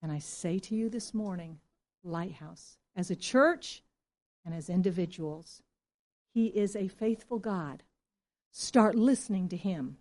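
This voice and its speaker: A woman pastor preaching a sermon to her church, impassioned and then soft and earnest. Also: on the low side, a little slow.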